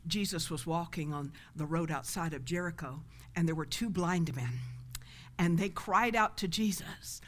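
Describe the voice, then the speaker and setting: A woman pastor preaching a sermon, shifting from loud impassioned cries to soft, hushed words. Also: lowish voice. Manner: quotes prayers in an impassioned pleading voice.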